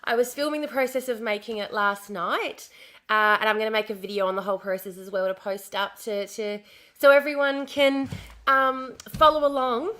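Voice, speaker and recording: Bubbly, bright-voiced woman livestreamer. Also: a little high, steady tone, moderate pace. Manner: chatty, bubbly greetings, swears casually. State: recovering from lost voice, slightly hoarse. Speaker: livestream host. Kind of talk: casual livestream chat.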